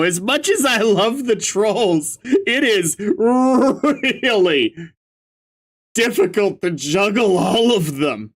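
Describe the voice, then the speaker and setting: A man reads a webcomic aloud in a slightly high voice, taking his time over each line. He stammers and laughs often, with sudden outbursts as he reacts to what he reads. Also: lively intonation, slow pace.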